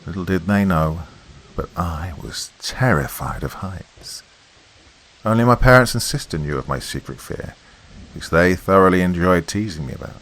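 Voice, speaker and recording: A man reading a scripted horror story as podcast narrator, in a measured, steady storytelling manner. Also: low voice, low-quality recording.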